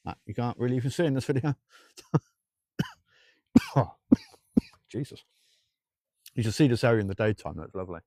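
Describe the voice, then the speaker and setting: Hosting a nighttime ghost hunt live by old railway tracks, a man rambles, jokes and says hello to viewers by name, his throat sore and dry. His mid-range voice is mellow and creaky, with lively intonation, a fairly quick pace and frequent pauses. The recording is dry.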